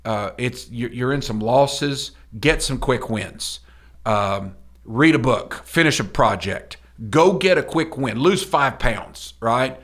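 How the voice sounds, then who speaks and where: A man's voice: mid-range voice, fairly bright tone. A middle-aged man co-hosting a motivational podcast, talking in a folksy, emphatic, preacher-like way. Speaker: podcast co-host.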